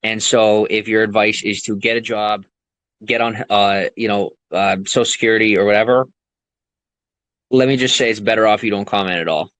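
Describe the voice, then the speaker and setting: A man's voice: steady tone, normal speed, dry recording. Angry, swearing young man, dry sound. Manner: angry, profane, swings from low muttering to loud high outbursts; rambling with restarts. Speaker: vlogger. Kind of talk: emotional unscripted rant to viewers.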